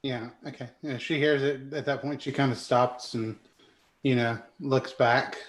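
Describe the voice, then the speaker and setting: A man's voice: mid-range voice, steady tone, unhurried, reverberant. A man playing a tabletop game, describing his character's actions casually. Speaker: player.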